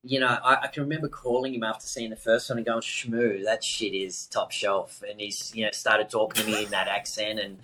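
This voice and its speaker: A male podcast host tells a casual anecdote in a relaxed, animated way, packed with fillers. His voice is fairly low and fast, with barely any pauses, and background noise can be heard.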